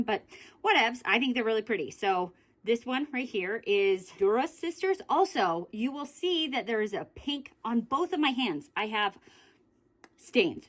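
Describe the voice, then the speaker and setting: A woman with a slightly high voice talks casually through a makeup declutter. She rambles and often corrects herself mid-sentence. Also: a bit bright. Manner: chatty, rambling, self-correcting. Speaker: beauty vlogger.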